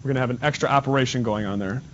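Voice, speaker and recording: A male math teacher teaching in a classroom, quizzing students and repeating key points in a brisk way. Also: mid-range voice. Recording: dull lo-fi classroom recording with noise.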